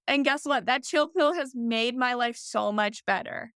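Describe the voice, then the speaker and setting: A woman's voice: a little high, measured pace, fairly bright tone, smooth, dry recording, studio quality. A woman in her twenties, a podcast guest, telling her own story openly and casually with frequent "like" fillers. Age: 20s. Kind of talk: personal storytelling in interview.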